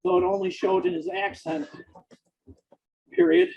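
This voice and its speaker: A man dictating fiction aloud, speaking each punctuation mark in a slow, deliberate way. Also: very high voice, very animated, creaky, mellow, highs cut off. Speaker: author dictating a novel.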